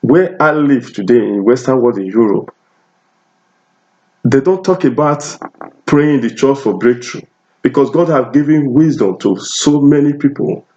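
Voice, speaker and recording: A man's voice: mid-range voice, animated, unhurried, dark tone. A Nigerian man with a Nigerian accent preaching a sermon, emphatic and repetitive, often restarting his phrases. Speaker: pastor. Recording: dull lo-fi recording.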